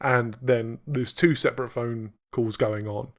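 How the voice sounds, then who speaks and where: A man's voice: medium pitch, fairly even intonation, a little slow. A man co-hosting a casual chat podcast, laughing often and swearing freely as he talks. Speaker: podcast co-host.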